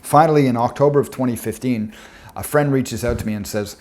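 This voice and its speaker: A man giving a presentation, telling a personal story in an earnest, reflective way with frequent filler pauses. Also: mid-range voice, a little mellow.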